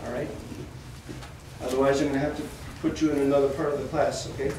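A man teaching a children's Sunday school class, telling a Bible story slowly and with animation and asking the children questions. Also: mid-range voice, flat delivery. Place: church classroom. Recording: echoey room, distant mic, faint noise.

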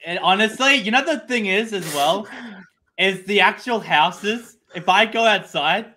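A man's voice: high voice, measured pace, bright, forceful tone, slight background noise. A man with an Australian accent in casual live stream chat, trading sweary banter. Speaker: stream co-host.

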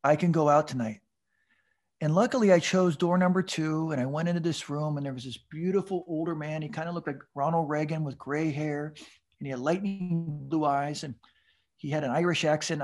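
A husky-voiced man in his fifties tells his story as a podcast guest. He sits a little high in pitch and speaks in an animated, tumbling way, stammering over repeated words and breaking into laughs. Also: fast talker. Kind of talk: storytelling recovery testimony.

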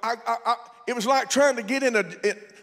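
Man, pastor, animated sermon, bright ringing tone, long church reverb. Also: very high voice, brisk. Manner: animated, comic mimicry, shouting at peaks. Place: church sanctuary.

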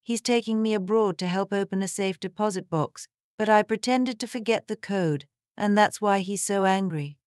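A woman reading the lines of a frightened small boy, soft and pleading. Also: mid-range voice, normal speed, few pauses, smooth, no room sound, studio quality, close to an everyday voice. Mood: fearful. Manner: soft, pleading, half-whispered.

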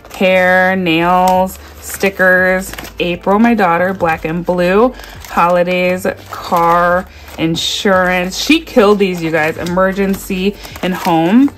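A woman in her thirties chatting casually to viewers as she unboxes budgeting supplies, excitable and gushing, with quick asides. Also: mid-range voice. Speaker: budgeting vlogger.

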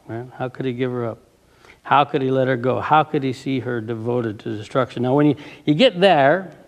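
Man preaching, kinda high voice with lots of gravel, reads from a book then asks the crowd stuff. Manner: fervent, asks the listeners rhetorical questions. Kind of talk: sermon reading from a book with commentary.

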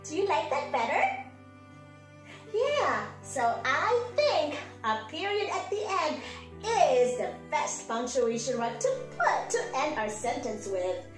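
A woman's voice: high-pitched, big pitch swings, echoey room, faint music behind. Sing-song woman teaching preschoolers. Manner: slow, sing-song, encouraging teacher talk. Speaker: pre-K teacher. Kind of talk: remote morning message lesson for small children.

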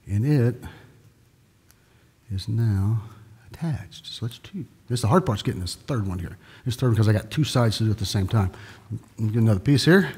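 A man's voice: on the low side, lively intonation, normal speed, pauses often, a little mellow, breathy edge, in a large hall. A man from Dallas, Texas, performing magic tricks on a live stream, telling corny jokes in loose, rambling patter.

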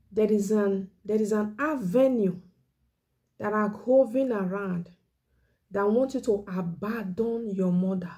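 A woman's voice: medium pitch, a little mellow. A woman evangelist preaching an emotional sermon, pleading earnestly, repeating her points and sometimes dropping to a whisper. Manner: drops to a whisper on key words. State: emotional, near tears. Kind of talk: exhortation sermon.

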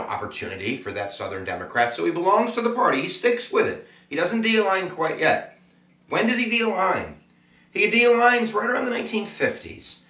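A man's voice: medium pitch, pushed and bright, reverberant, recorded from a distance. A man giving a casual, jokey classroom lecture with plenty of fillers. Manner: chatty, jokey, full of fillers. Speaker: teacher.

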